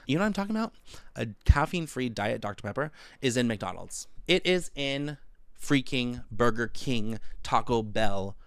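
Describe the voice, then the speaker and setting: Animated man ranting, dry close sound. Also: medium pitch, moderate pace, no echo. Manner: animated, profane, exaggerated outbursts. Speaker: comedian. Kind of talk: comedic rant monologue.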